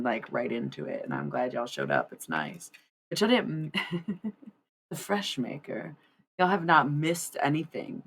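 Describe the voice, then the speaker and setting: A woman's voice: deep voice, vocal fry, slight background noise. A young woman streamer chatting casually to her viewers while laying out a tarot spread, rambling, laughing often and swearing freely. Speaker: streamer doing tarot readings. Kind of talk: casual live-stream chat.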